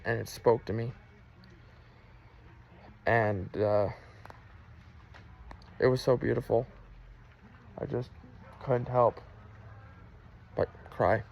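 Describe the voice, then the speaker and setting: Gravelly-voiced man sharing his testimony. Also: medium pitch, steady tone, very slow, pauses often, darkish tone, a little hiss or hum, rough recording. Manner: earnest, emotional storytelling. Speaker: Christian testimony vlogger. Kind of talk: personal faith testimony.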